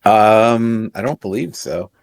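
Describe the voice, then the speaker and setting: An easygoing young man chats as a podcast co-host and reacts with short exclamations. His voice sits a little low, and it is recorded close and dry. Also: slow, gravelly, dry recording. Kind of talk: casual chat.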